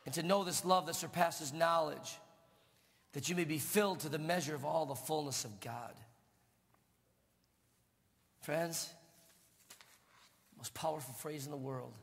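Male pastor preaching a sermon, gravelly, with a higher voice, in a church with a long echo. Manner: impassioned preaching, swinging between loud proclamation and hushed tenderness. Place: church sanctuary. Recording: long reverb of a church hall.

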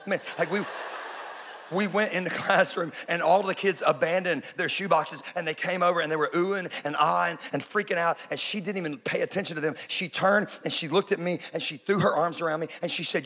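Texan man, forties, pastor; husky tone, storytelling sermon, long hall reverb. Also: a little high, a little fast, a faint crowd. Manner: storytelling, rises to loud preaching peaks. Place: church auditorium. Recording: large room with long reverb.

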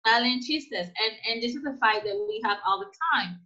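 A woman's voice: a little high, a little fast, muffled recording. A woman guest in a conversational interview, telling stories emphatically and acting out quoted dialogue. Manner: emphatic, animated storytelling with acted-out quotes. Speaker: guest, immigrant business owner.

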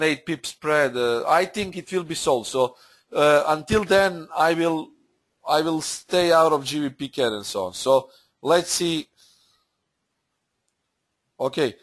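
A man hosting a live trading webinar, talking through charts in halting, unscripted full of fillers and restarts. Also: on the high side, fairly bright tone. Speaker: forex trading webinar host.

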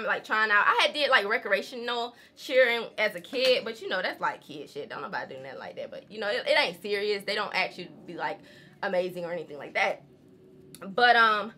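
A woman's voice: a little high, bright, forceful tone. A woman, chatting casually to her viewers, laughing often and calling them y'all. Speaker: vlogger. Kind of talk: casual chat while doing her hair.

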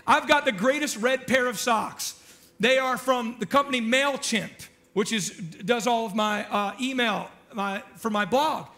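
Man, pastor, casual sermon, very high voice, bright forceful tone, chatty and joking, asks the crowd questions. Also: unhurried.

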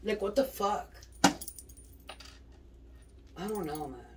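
A woman's voice: mid-range voice, expressive, slow pace. A woman giving a casual tarot reading to her viewers, blunt, slangy and profane, rambling as she goes. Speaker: tarot reader. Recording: distant mic with clear background noise and clicks.

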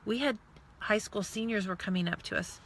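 A woman's voice: mid-range voice, a little fast, slight background noise. A woman in her forties, a sales team leader, talking emotionally and on the verge of tears in a live video chat recorded on a phone in her parked car. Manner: tearful, gushing and animated. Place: in a car in a parking lot.

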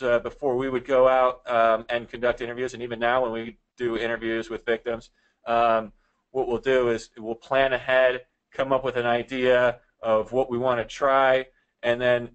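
Relaxed man presenting a webinar. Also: medium pitch, poor audio. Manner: relaxed, many fillers. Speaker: law enforcement trainer, webinar presenter.

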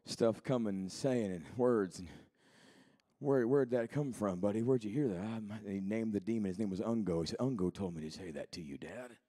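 A man in his thirties preaching a sermon in a church, moving between quiet storytelling and shouted, fervent preaching. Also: on the low side, normal speed. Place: church sanctuary.

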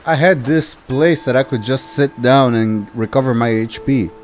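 A young man playing a video game, commenting with loud, exasperated reactions and slang. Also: medium pitch, moderate pace, a little hiss or hum. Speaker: gaming youtuber. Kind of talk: let's play commentary. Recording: commentary over clear game music.

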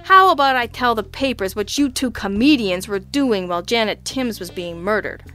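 A woman voicing a loud, blustering police lieutenant. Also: a little high, lively intonation, moderate pace, soft background music. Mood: angry, bellowing. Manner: barking, bellowing and exasperated. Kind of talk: audiobook character reading.

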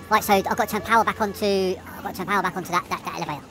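A woman's voice: mid-range voice, fairly even intonation, racing, noisy background. A woman giving nervous, jumpy commentary while playing a horror game, swearing often and laughing through the fear. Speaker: let's play gamer.

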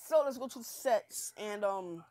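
A woman's voice: medium pitch, lively intonation, measured pace, a little mellow. A young woman hosting a casual gameplay video, chatty, hyped and self-mocking after staying up all night. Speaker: gaming channel host.

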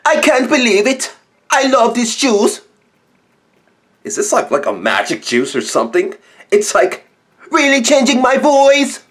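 A man doing an amazed, very deep-voiced drinker. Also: huge pitch swings, a little slow, long pauses, fairly bright tone, exaggerated voice. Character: juice drinker whose voice drops very deep. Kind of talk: comedy skit.

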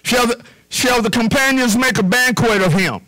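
High bright-voiced preaching man. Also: normal speed, low-quality recording. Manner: preaching with repetition, drops to a low hush on "whisper". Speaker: pastor. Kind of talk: sermon.

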